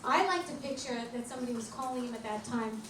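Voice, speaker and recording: High-voiced woman doing stand-up. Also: fast. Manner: deadpan one-liners with frequent laughs. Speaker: stand-up comedian. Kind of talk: stand-up set. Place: comedy club stage. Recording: echoey club from far off, loud crowd. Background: loud crowd laughter and room noise.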